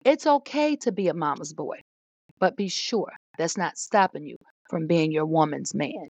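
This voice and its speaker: Woman, very low voice, podcast co-host, emphatic, casual chat, dry close sound. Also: lively intonation, a little mellow, dry recording. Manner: emphatic, quick affirmations.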